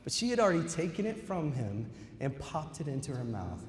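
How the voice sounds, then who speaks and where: A man's voice: a little high, big pitch swings, a little fast, noisy background. A middle-aged man giving a ceremony keynote speech, telling a story and addressing the audience as y'all. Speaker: keynote speaker. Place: large hall. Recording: echoey hall with long reverb.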